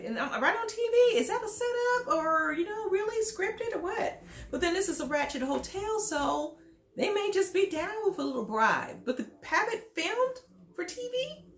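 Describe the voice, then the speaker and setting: A woman's voice: very high-pitched, a bit bright. A woman giving casual reality TV commentary, sassy and scolding as she talks straight at the people she judges. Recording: echoey room.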